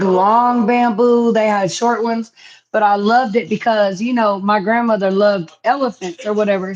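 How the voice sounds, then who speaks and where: A woman's voice: medium pitch, muffled recording. Chatty woman on a home livestream. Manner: chatty, reads viewer comments aloud. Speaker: livestream host. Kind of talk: casual livestream chat. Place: home, indoors.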